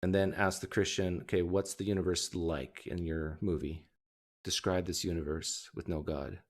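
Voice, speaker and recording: Male livestream host, low voice, casual, quick joking asides to his chat.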